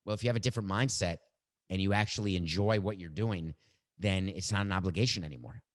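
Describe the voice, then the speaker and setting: A man's voice: sits low, quick pace. A middle-aged man hosting a podcast, musing aloud in a reflective monologue. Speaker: podcast host.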